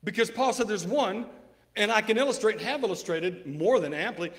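Male preacher in a debate, high-pitched voice, emphatic and insistent, quotes scripture aloud and hammers points by repetition. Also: fairly quick. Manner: emphatic, insistent, repeats key words; reads Bible verses aloud in King James wording. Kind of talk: debate rebuttal with scripture reading.

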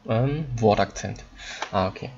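A man teaching German in an online lesson, explaining in halting English with frequent ums and repeated words. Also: lowish voice, creaky, darkish tone, dull audio, a little hiss or hum.

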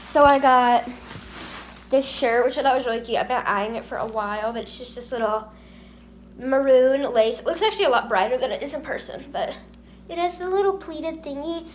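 A woman's voice: sits high, fairly quick, slight background noise. A young woman, vlogging casually through her day, chatty and scattered, tired and hiccuping. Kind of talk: casual vlog chat to camera.

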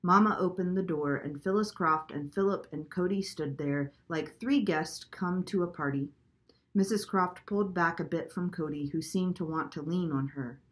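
A woman reading a children's chapter book aloud at a clear, steady pace. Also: fairly low pitch, normal speed. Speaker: storybook reader.

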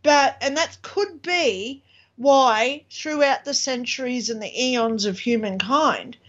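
A chatty woman in her fifties with a high voice, talking animatedly and leaning on fillers. The audio is dull and lo-fi. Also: takes it slowly. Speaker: co-host. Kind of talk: casual chat.

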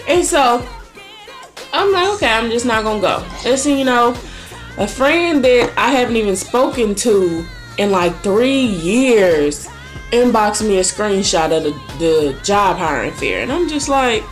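A young woman talks straight to her camera in a casual vlog, telling a personal story with plenty of animation. Her voice is neither high nor low, and she keeps jumping into her own thoughts with quick shifts of tone. A faint bit of music plays underneath. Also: big pitch swings. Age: young adult. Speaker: vlogger.

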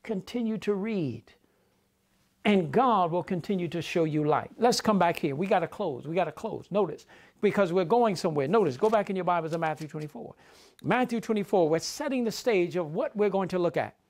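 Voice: medium pitch, lively intonation, brisk, a little mellow. A preacher giving a sermon, repeating key phrases for emphasis and speaking directly to the congregation.

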